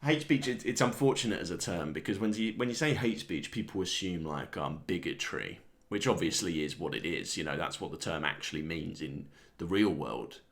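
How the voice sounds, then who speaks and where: A man's voice: sits low, animated, a little fast, gravelly, hardly any pauses, a bit bright. A man, a comedian, rambling through a sardonic, self-deprecating solo monologue and chuckling at his own jokes. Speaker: comedian host.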